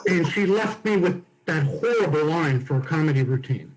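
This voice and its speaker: A man's voice: on the high side, lively intonation, moderate pace, heavy background noise. A man doing a chatty, self-deprecating stand-up set over a video call. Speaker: stand-up comic. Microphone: video call mic. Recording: video call with loud laughter behind.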